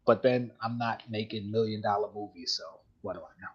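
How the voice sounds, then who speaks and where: Over dull, lo-fi stream audio, a man with a fairly low, slightly rough voice talks a little fast while hosting a live collectibles show. He keeps the chat loose and wandering, laughing frequently.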